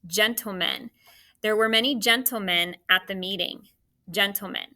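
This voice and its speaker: A woman teaching kids to spell speaks in a slow, measured way, breaking words into individual letters. The pitch is medium and the delivery sounds pushed and bright.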